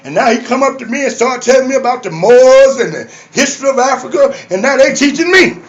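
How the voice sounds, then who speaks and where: The crowd can be heard in this dull, lo-fi live recording of an older activist giving a fiery rally speech at a community arts center, preaching with call-and-response. His voice is extremely high, animated, and a little fast.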